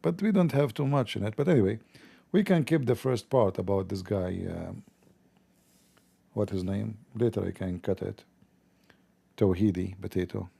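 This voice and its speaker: Gravelly, dark-voiced man chatting on stream. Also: fairly low pitch, moderate pace, pauses often. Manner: rambling, joking, talks to viewers. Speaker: live stream host. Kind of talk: casual live-stream chat.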